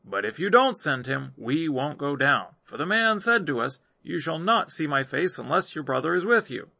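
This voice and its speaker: Resolute persuasive son, as a man puts him on, earnest, gravelly, lively, scripture reading. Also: fairly high pitch, normal speed, heavily acted. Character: resolute grown son bargaining with his father.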